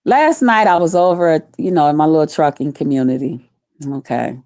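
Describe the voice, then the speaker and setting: A woman's voice: low-pitched, fairly quick, darkish tone, no echo, studio quality. A woman hosting a casual live stream, talking loosely with lots of profanity and greeting viewers by name. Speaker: livestream host.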